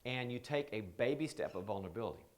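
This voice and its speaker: A man leading a leadership training seminar, telling animated stories and acting out the people he quotes. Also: medium pitch, quick pace. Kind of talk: seminar talk.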